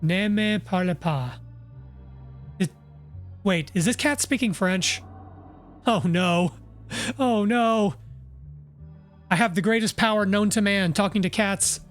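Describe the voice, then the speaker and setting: A man with a high voice streams a story game and reads its narration aloud. He talks with a playful, wry humor, and faint music plays behind him. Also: measured pace, pauses often, fairly bright tone. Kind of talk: casual game commentary and reading aloud.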